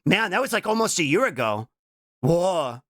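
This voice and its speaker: A young adult VTuber streamer chatting casually on a live reaction stream. They break into playful shouts and keep tossing out a questioning "what?". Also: medium pitch, very animated, normal speed, no echo, studio quality. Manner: keeps repeating a questioning "what?" between remarks; stumbles and restarts mid-sentence.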